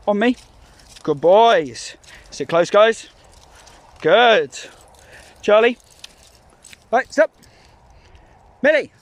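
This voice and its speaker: A man from Scotland with a Glasgow accent, a professional dog walker chatting excitedly to camera outdoors while calling commands to the dogs. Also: sits high. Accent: Scottish, Glasgow. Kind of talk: casual vlog narration while walking dogs. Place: outdoors in parks and forest.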